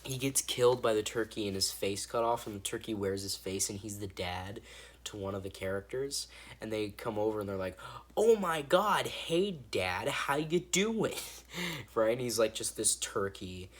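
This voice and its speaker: A man's voice: fairly low pitch, fairly even intonation, fairly quick. A man giving a casual, rambling movie review, swearing freely and restarting his sentences. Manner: rambling and profane, with frequent restarts.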